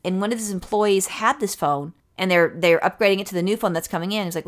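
A woman co-hosting a loose conversation. She talks quickly and heatedly, piles up profanity, and keeps her pitch at a middling level. The delivery is rapid and the tone is frustrated. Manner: fast, heated storytelling with frequent swearing. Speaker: podcast co-host. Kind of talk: casual chat.

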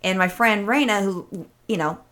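A woman co-hosting a casual podcast chat, telling stories in a profane, animated way. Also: medium pitch, moderate pace. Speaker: podcast co-host.

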